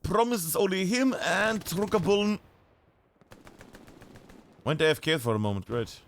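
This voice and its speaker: A man's voice: high voice, normal speed, a little hiss or hum. A man from northern Bavaria, a German speaker, giving chatty live commentary on a team shooter match as caster. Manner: chatty, animated, swears casually. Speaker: esports caster.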